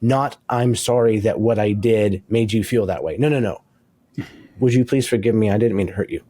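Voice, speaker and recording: Low husky guy on a faith podcast, emphatic, kinda preachy. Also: normal speed, warm tone. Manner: emphatic, preachy, laughs easily. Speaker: podcast co-host. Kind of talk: casual faith podcast talk.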